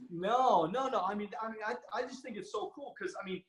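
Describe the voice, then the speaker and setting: A man hosting an interview, enthusiastic and quick with short reactions. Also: high voice, a crowd in the background. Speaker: host. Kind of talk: interview chat. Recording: echoey room.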